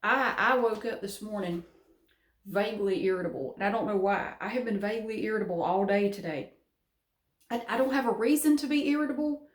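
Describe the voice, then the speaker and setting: A woman's voice: mid-range voice, fairly quick. A middle-aged woman with a Southern US accent, chatting frankly to camera at home in a rambling way, swearing casually. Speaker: vlogger. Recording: roomy echo.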